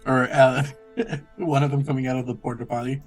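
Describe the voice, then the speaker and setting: A tabletop player in casual chat, halting with fillers and laughing. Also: medium pitch, level tone, faint music behind.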